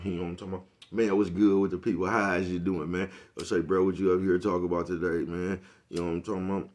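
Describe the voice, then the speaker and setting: A man with a low, deep voice talks quickly and loosely straight to his audience. His street slang is laced with profanity. He keeps circling back to ask if you're following him. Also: steady tone, darkish tone. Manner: repeats "you know what I'm talking about". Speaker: vlogger. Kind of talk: casual monologue to camera.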